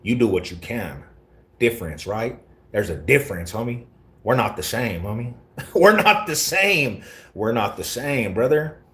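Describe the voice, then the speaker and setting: A man's voice: fairly low pitch, animated, moderate pace. A man from Colorado live-streaming and answering his chat in brash, confrontational street slang. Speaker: livestreamer reading chat. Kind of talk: casual live-stream talk.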